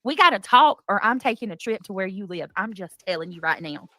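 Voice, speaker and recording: A woman's voice: mid-range voice, animated, fairly quick, bright, forceful tone, no echo. A woman hosting a casual livestream, chatting effusively and greeting viewers from the comments.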